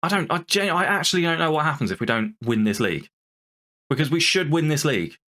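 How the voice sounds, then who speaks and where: Brief: male game streamer, bright forceful tone, swears and rants while calling the play. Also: fairly high pitch, quick pace. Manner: exasperated, swearing, ranting; lively play-by-play over a football game. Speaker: gaming channel host. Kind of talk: let's-play commentary.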